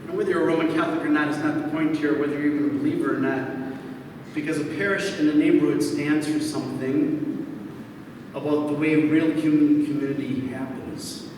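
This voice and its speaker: A man in his sixties, a priest, telling jokey stories to an audience and acting out the dialogue, recorded from far off in a large hall. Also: on the high side. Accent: Milwaukee, Wisconsin. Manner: jokey, animated storyteller who acts out dialogue. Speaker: priest, panel speaker. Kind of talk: storytelling talk to an audience. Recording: echoey hall from far off, noisy.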